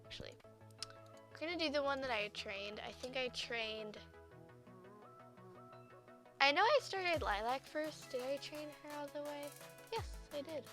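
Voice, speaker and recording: A young woman with a high voice chats through her gameplay video, easily excited and gushing. Faint music plays underneath. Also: unhurried, pauses often. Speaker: gaming YouTuber. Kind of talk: casual gameplay commentary.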